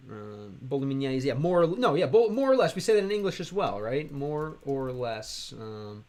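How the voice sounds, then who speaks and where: A man's voice: fairly high pitch, very animated, a little mellow. American man streaming, chatting hesitantly. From United States. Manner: reads chat aloud, halting Russian, many fillers. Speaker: streamer learning Russian. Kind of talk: casual live-stream chat.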